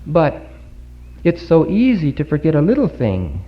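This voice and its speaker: A man's voice: on the high side, huge pitch swings. Man preaching on an old lo-fi recording. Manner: earnest, rhetorical questions, dramatic pauses. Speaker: speaker giving a Bible talk. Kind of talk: sermon. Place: congregation hall. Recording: dull lo-fi 1950s recording.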